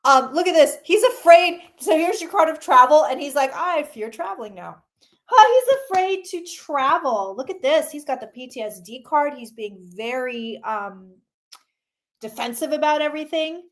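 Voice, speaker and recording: A woman reading tarot cards on a casual livestream, chatty and excitable, greeting viewers by name and swearing mildly. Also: sits high, moderate pace.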